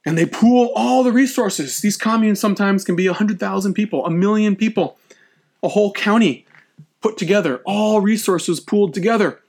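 A man lectures on history in a high-pitched, a little mellow voice at a moderate pace. He's animated, slips into acted-out quotes, and often stumbles and restarts mid-phrase.

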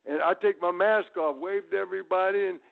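A man telling rambling stories as a guest, with lots of repeated starts and sudden loud, high showman bursts. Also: fairly even intonation, fairly quick, vocal fry. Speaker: guest, retired pro wrestler. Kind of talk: casual storytelling. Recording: tinny phone-line audio.

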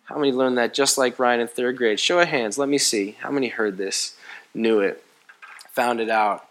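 A man preaching a sermon as pastor, telling stories in a playful, animated way. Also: medium pitch, normal speed. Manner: animated storytelling, playful and comic. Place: church.

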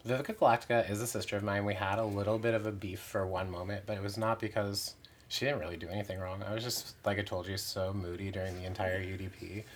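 A man's voice: fairly low pitch, level tone, fast talker. A man who performs in drag, chatting candidly in an interview with many "like" fillers and self-mocking asides. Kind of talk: casual interview chat.

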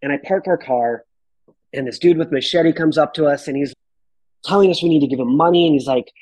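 A man in his thirties, a podcast guest, telling a wild travel story in an animated, casual way and swearing freely. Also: a little high, a little fast, no echo, rough recording.

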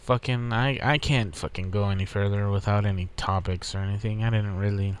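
A man's voice: lowish voice, steady tone, a little fast, smooth. A man from Texas hosting a podcast alone, talking in a rambling, profane, laid-back way. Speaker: podcast host. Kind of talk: casual solo podcast monologue.

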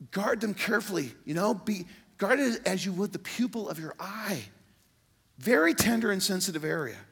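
An older man preaching a sermon. His voice sits a little high for a man. He talks earnestly and pleadingly, then rises into sudden emphatic bursts. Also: animated, normal speed, vocal fry, fairly bright tone, husky. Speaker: pastor.

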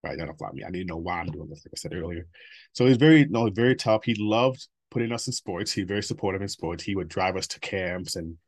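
In a candid interview, a guest in his thirties speaks quickly in a low, husky voice with a rough edge. He's blunt and swears a lot, breaking into laughter between his stories.

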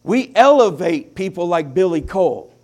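A man preaching a sermon, with impassioned swings between hushed, quiet lines and loud climaxes, drawing his phrases out slowly. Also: sits high, very animated. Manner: slow, deliberate preaching with drawn-out phrases.

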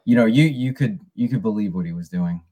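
A man's voice: on the low side, a little fast, mellow. Rambling man chatting about movies. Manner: rambling, many restarts and "you know". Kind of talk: casual movie review chat.

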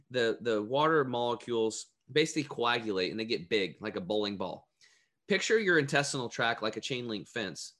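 A man with a bright, forceful voice, talking as a health coach in a casual chat. He tells his stories with animation and acts out the voices of the people he quotes. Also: medium pitch.

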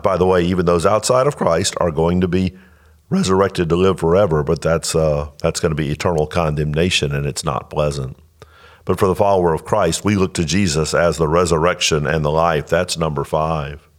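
A man teaching on a podcast, explaining scripture in a slow, deliberate way with emphatic rises and frequent restarts. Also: sits low, fairly even intonation. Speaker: pastor and podcast host.

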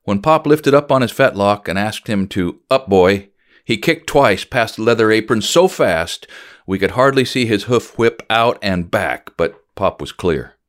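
A man reading a story aloud in a measured, storytelling voice. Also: fairly low pitch, expressive. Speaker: narrator. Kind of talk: audiobook narration of a memoir-style story.

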